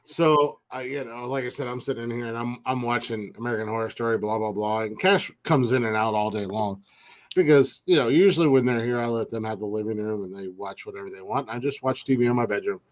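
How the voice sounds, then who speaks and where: A man's voice: mid-range voice, quick pace. A middle-aged man co-hosting a podcast, telling a rambling anecdote with many restarts. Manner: rambling, restarts, tells anecdotes with quoted dialogue. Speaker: podcast co-host. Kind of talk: casual storytelling chat.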